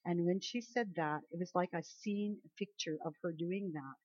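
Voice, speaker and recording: Middle-aged woman preacher, emphatic sermon delivery, soft asides, loud commands, dull lo-fi sound. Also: lowish voice, normal speed, husky. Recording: dull lo-fi recording.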